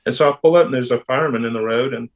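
A man in his fifties speaks in a steady middle register, unhurried and halting. He pauses and restarts often as he tells a personal story in a podcast interview. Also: mid-range voice, rough recording. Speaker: pastor and police officer.

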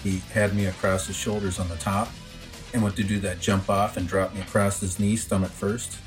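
A man with a fairly low voice talks through an old story on a casual podcast, plain and easygoing. Faint music sits under his voice. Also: little pitch movement, moderate pace. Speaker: podcast co-host. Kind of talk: casual chat.

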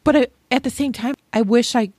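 A woman in a relaxed podcast conversation, talking in a chatty, candid way as a guest who runs her own business. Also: fairly high pitch, brisk, no room sound.

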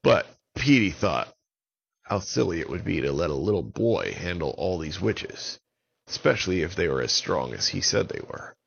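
A man telling a children's story in an unhurried, expressive way. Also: low voice, vocal fry, breathy edge, no echo, muffled recording.

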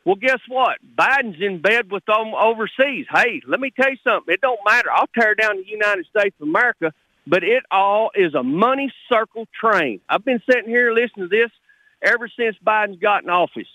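Caller: middle-aged man, higher tense voice, heated and blunt, dry sound. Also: lively intonation, pushed and bright, no room sound, low-quality recording. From Texas. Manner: heated, rapid, blunt working-man talk. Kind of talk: call-in radio.

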